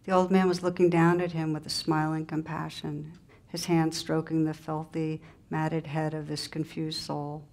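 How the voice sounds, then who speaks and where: A woman meditation teacher gives a spiritual talk and tells a story in gentle, unhurried short phrases with pauses. Her voice sits low and her delivery is flat.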